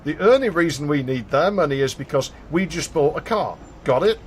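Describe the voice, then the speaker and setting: Bossy mom in a video game, curt and commanding, pitched high, a man putting her on. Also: animated, brisk, a little hiss or hum, lightly acted. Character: bossy, scheming woman, a mother.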